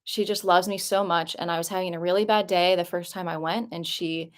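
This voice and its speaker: A woman's voice: lowish voice, steady tone, fairly quick. A young woman vlogging casually from her apartment, talking in a chatty, rambling way with lots of "like" and rising emotion. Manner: chatty and rambling, heavy use of "like"; emotional, voice jumps up when moved. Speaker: vlogger answering viewer questions. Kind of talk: casual live-stream chat.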